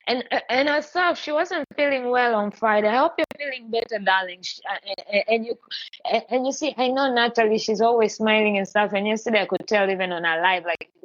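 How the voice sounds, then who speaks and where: A woman's voice: fairly high pitch, a little fast, no room sound. Chatty woman with a dull, dry sound. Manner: chatty, animated, many restarts. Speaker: podcast host. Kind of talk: casual live-stream chat.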